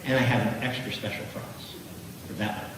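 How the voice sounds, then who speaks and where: A middle-aged man giving an animated, jokey keynote speech, talking straight to the crowd. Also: mid-range voice, moderate pace. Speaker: keynote speaker. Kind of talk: motivational keynote speech to a live audience. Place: large hall. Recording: echoey hall from far off.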